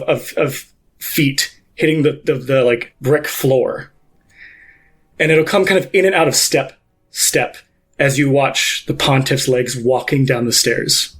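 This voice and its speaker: A man's voice: a little high, a bit bright. A man narrating a tabletop game as game master, rambling with many fillers.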